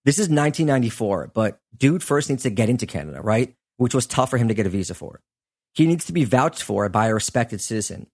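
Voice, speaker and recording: A man in the middle of his usual pitch tells a true-crime story to a co-host. His talk is easy and conversational, with many fillers. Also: very animated, fast, darkish tone, husky. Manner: conversational, loose, lots of fillers. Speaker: podcast host; sports journalist. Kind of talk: casual storytelling chat.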